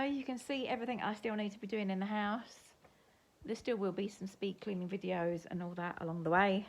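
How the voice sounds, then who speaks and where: An older woman with an English accent, rambling chattily to camera in a casual home vlog. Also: on the low side. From England. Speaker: vlogger. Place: at home, indoors.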